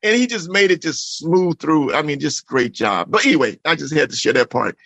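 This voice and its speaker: A man's voice: fairly high pitch, animated, a little fast, gravelly, sharp tone, dry recording. A man giving an earnest, emphatic personal testimony in an interview, repeating phrases and often saying "man". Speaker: interview guest. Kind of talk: emotional personal testimony in conversation.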